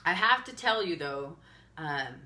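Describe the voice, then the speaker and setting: A woman's voice: deep voice, expressive, a little slow, bright, forceful tone. A woman in her thirties with an upper Midwestern American accent, talking candidly and emotionally in a live video as a fitness coach. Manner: candid, earnest, tearful at times, laughs often.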